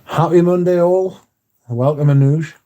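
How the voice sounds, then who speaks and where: A man's voice: on the high side, steady tone, measured pace, warm tone. A man hosting a casual livestream, chatting and reading out viewer comments, swearing freely. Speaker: livestream host reading chat. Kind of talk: casual chat.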